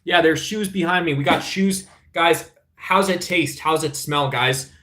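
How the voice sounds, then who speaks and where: Middle-aged male streamer, combative and rambling, slightly raised pitch, echoey room. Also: measured pace, a bit bright. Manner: rambling and combative, frequent "right?" tag questions. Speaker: live-stream host. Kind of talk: casual live-stream chat about politics.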